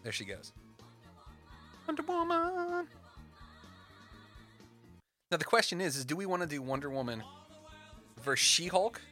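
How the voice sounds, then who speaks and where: A young man co-hosting a casual podcast, animated and playful, building up dramatic fan crossover stories. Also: fairly high pitch, fast talker, faint music behind. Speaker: podcast co-host.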